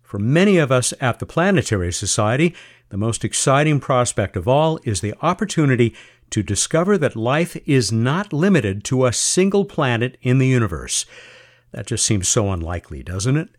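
A man hosting a science radio interview, chatty and lively, with jokey asides. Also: medium pitch, normal speed. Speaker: podcast host.

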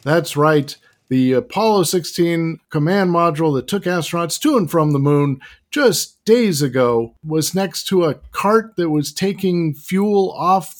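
Man putting on a mid-Atlantic 1940s newsreel announcer, emphatic and punchy, high-pitched. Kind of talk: 1940s radio news flash imitation.

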